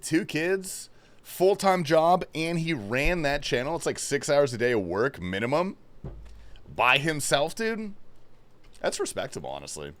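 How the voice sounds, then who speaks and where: On a gaming livestream, a laid-back man talks casually to his chat. His pitch is lively and shifts around a lot, and he peppers his speech with swearing plus plenty of "bro" and "man."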